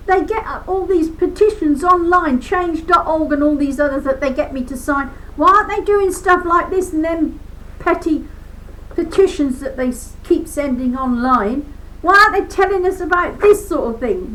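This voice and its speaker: A woman's voice: sits high, a bit bright, poor audio. A woman in her seventies reading a book aloud, breaking off into indignant, emphatic commentary and repeating words for force. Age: 70s. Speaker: reader of a book.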